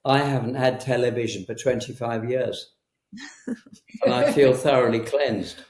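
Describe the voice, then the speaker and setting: A man talking as a guest in a conversational interview, hesitant and full of pauses and restarts. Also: medium pitch, a little mellow. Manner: hesitant, frequent ums and restarts. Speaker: herbalist guest. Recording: roomy echo.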